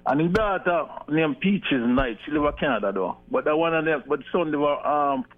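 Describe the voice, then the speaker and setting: A man's voice: fairly high pitch, animated, brisk, phone-quality sound, faint music behind. A man calling in, rambling in patois as he asks for help finding someone. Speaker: caller. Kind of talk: phone-in chat.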